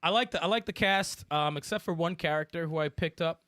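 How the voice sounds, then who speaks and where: A man co-hosting a video game podcast, talking in an animated, laughing way and swearing freely. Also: a little high, a little fast, no echo, clean studio sound. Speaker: podcast co-host. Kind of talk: casual chat.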